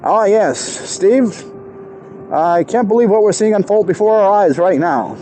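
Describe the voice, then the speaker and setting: A slick male sports announcer, as a man puts him on, with a polished, overly crisp broadcast delivery. The voice sits high and mellow, with faint street noise behind it. He sounds like a TV play-by-play man. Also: measured pace, low-quality recording. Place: outdoors on a city street.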